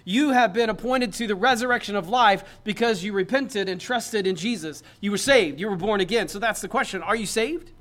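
A man's voice: sits high, a little fast, few pauses, a bit bright. A man, a pastor, preaching a sermon in a conversational, joking way that builds to emphatic points.

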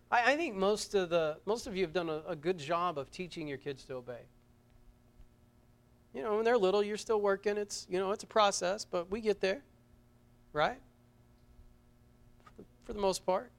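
A pastor preaching a sermon at a church service, earnest, stumbling over repeated words and swinging from loud urgency to a hushed close. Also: male voice, high-pitched, moderate pace, pauses often, clean tone.

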